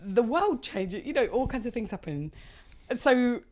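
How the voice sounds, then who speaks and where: A woman in her thirties, a stand-up comedian, talking casually and at length, animated and swearing freely. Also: on the high side, a little slow. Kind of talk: casual conversation.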